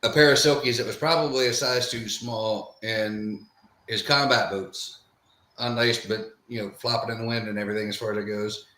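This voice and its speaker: An easygoing man tells meandering stories with a bright, sharp edge to his voice. The room adds a noticeable echo. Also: lowish voice, steady tone, normal speed. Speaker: podcast co-host. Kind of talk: casual storytelling chat. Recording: roomy echo.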